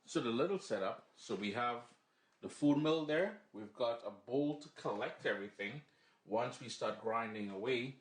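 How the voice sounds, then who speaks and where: A man's voice: medium pitch, moderate pace. Man giving a chatty cooking demo. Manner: chatty, relaxed, explains step by step. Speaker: cooking show host. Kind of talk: casual cooking demonstration. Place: home kitchen, then living room. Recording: echoey room, faint background noise.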